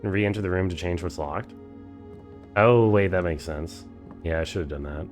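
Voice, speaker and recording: A man's voice: low voice, normal speed, soft background music. A man streaming a game for the first time, thinking aloud, swearing freely and chatting with his viewers. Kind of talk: casual live-stream commentary.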